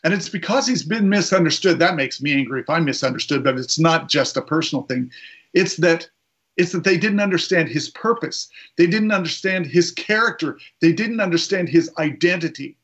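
A man preaching a sermon, retelling a story and slowing down to stress key lines. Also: fairly high pitch, lively intonation, fairly bright tone, muffled recording. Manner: retells a story with quoted voices, slows for emphasis.

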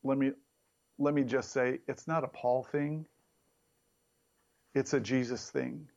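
A man preaching a sermon in an emphatic, animated way, his voice jumping up for emphasis. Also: takes it slowly, creaky, muffled recording. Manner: emphatic, animated preaching with sudden rises in pitch.

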